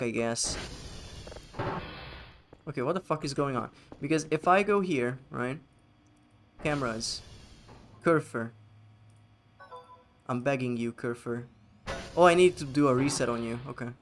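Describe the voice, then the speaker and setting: A man's voice: mid-range voice, a little slow, pauses often, fairly bright tone, a little hiss or hum. A man streaming a game live, chatting casually and sarcastically with his chat and swearing freely. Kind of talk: casual live gameplay commentary.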